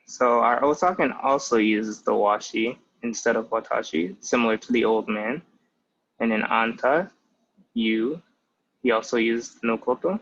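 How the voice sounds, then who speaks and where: A man's voice: medium pitch, normal speed, fairly bright tone, highs cut off, slight background noise. A young man in his twenties giving a patient, casual language lesson with many "like" fillers. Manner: patient, explanatory, with frequent "like" fillers. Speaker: language teacher.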